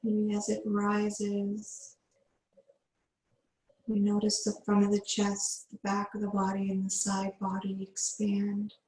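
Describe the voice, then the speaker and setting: Slow, soothing woman yoga teacher. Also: medium pitch, completely flat delivery, a little mellow, roomy sound, low-quality recording. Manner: slow, soothing breath cues with long pauses. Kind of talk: guided yin yoga meditation.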